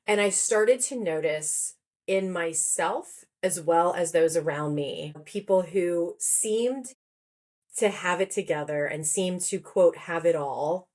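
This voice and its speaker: Chatty storytelling woman, slightly low voice. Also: a little mellow. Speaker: guest, therapist and author. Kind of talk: conversational podcast interview.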